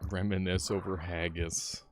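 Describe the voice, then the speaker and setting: A young man streaming a game, telling a story in a casual, animated way, swearing freely, laughing often and jumping higher when excited. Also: a little slow, a little hiss or hum. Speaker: gaming streamer. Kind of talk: casual live-stream chat.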